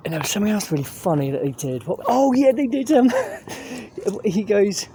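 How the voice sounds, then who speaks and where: A young man giving a sweary, animated gig review while out on a street, laughing as he tells it. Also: high-pitched, unhurried, long pauses. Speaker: music reviewer. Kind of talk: casual ranting gig review. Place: outdoors on a street. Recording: street traffic noise behind. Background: traffic and street ambience.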